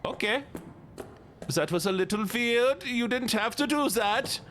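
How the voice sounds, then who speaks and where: A man streaming a game and chatting casually with his viewers in a playful, goofy way, jumping into sudden high squeaky exclamations. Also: a little slow. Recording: noticeable background noise.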